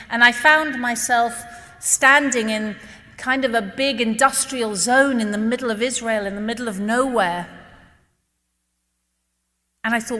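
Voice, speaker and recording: Bright-voiced woman in a hall. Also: a little high. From Britain. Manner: animated, acts out dialogue. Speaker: guest speaker. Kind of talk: storytelling talk to an audience. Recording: long reverb of a large hall.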